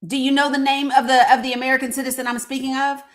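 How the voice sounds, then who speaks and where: A woman's voice: sits high, flat delivery, fast. Blunt, profane woman live-streamer. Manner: blunt, profane and sarcastic, greeting chat viewers. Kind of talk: casual political commentary stream.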